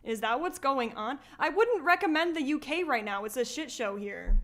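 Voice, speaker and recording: A woman's voice: sits high, expressive, moderate pace, few pauses, a bit bright. A woman streaming live, chatting casually as she reacts to a video and reads viewer comments, often laughing and asking questions.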